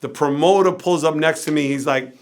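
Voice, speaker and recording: A man as an interview guest, telling a wild, profane anecdote with animated energy that drops at times to a low, tired murmur. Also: a little fast. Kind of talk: storytelling in an interview.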